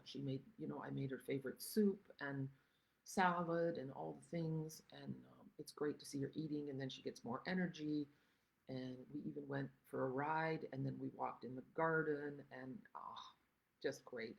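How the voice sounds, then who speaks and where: Older woman host, gravelly, chatty craft demonstrator on a casual livestream. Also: extremely low pitch, low-quality recording. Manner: chatty, rambling, greets viewers by name.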